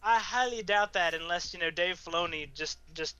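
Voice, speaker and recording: Bright-voiced Southern man, chatty. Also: sits high, moderate pace, clear, resonant tone. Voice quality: hesitant, many restarts. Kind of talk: casual panel chat.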